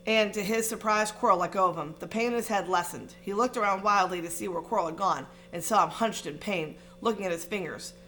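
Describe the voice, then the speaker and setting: A woman narrating a fantasy novel aloud in an expressive, dramatic reading style. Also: medium pitch, a little fast, few pauses, a little hiss or hum. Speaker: audiobook reader. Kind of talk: storybook reading.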